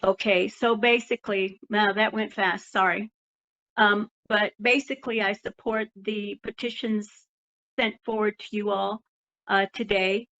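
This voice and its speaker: A woman's voice: medium pitch, steady tone, a little slow, fairly bright tone, highs cut off. A woman giving a hesitant public comment at a hearing.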